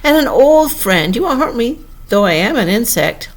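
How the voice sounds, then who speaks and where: A woman voicing a tiny, unhappy insect in a storybook reading, gentle and pleading. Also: a little high, sing-song, moderate pace, voice pushed up.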